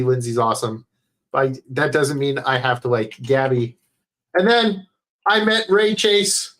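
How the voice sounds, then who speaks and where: A male streamer speaks through a headset mic in an unhurried, rambling way. His voice sits slightly high, and he swears casually and fills gaps with hesitations. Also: a bit bright. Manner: rambling, swears often, many fillers. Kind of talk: casual livestream chat.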